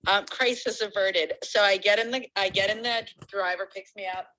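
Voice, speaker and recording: A woman tells a story over a remote call in a bright, clear voice. She talks in a lively, animated way and laughs as she goes. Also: medium pitch, fairly quick, slight background noise, poor audio. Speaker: guest sharing a story. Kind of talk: casual storytelling.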